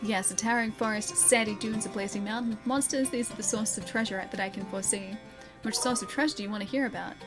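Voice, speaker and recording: A woman's voice: medium pitch, fast talker, music in the background, natural voice. A woman with an Australian accent reading the lines of a goofy older male fortune teller from a game, with theatrical, mystical phrasing.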